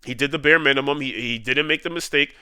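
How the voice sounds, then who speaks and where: A man's voice: mid-range voice, bright, forceful tone, clean tone, dry recording, studio quality. A man delivering an emotional, heated fan rant about his football team, repeating points for emphasis. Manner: heated, repetitive, drawn-out emphasis. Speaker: sports YouTuber ranting.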